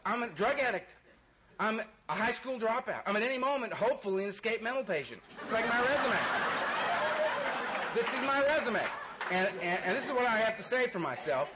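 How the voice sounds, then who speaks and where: A man's voice: sits high, lively intonation, fast talker, pushed and bright, a little hiss or hum. A man telling a loose, laughing, self-mocking story to an audience and acting out voices. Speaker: speaker sharing his recovery story.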